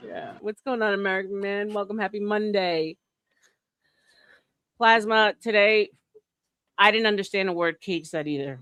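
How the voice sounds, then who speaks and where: A woman's voice: medium pitch, normal speed, long pauses, a bit bright, clean tone, no room sound. A woman hosting a casual group chat on a stream, teasing her friends and laughing often. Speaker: stream host.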